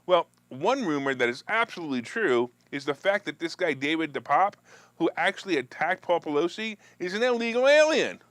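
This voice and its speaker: A man's voice: animated, brisk, a bit bright, dry recording. A man hosting a live finance and politics talk show, chatting loosely with viewers and joking, with restarts and asides. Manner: mocks opponents in a whiny high voice. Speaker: host of a stock market talk show.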